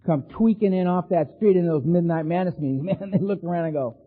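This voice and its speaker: Middle-aged man, high-pitched talker, tinny phone-like sound in a big echoing hall, storyteller at a recovery meeting. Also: fairly quick, soft background music. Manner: animated, laughing storyteller, tosses in "right?" and "man". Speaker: AA speaker.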